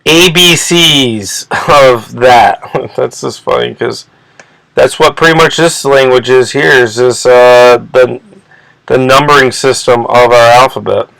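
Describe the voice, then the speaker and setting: A man rants on his own channel in a profane, rambling way, tripping over repeated words as his indignation builds. His voice sits in an ordinary middle pitch. The sound is dry and close, with no room echo. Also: unhurried, gravelly, a bit bright. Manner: agitated, indignant. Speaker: channel host. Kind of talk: ranting commentary video.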